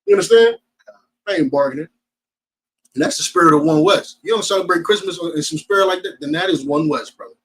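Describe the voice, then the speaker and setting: A man's voice: on the high side, fast talker, hardly any pauses, fairly bright tone, breathy edge, rough recording. A man with a New Jersey accent preaching to a group in an emphatic, streetwise, slangy way.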